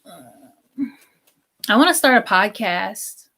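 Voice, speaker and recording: A woman's voice: medium pitch, fairly even intonation, moderate pace, fairly bright tone. Young american woman, sleepy voice, rambling livestream chat, off on tangents. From United States. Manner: rambling, drowsy, trails off on tangents. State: tired. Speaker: streamer co-host.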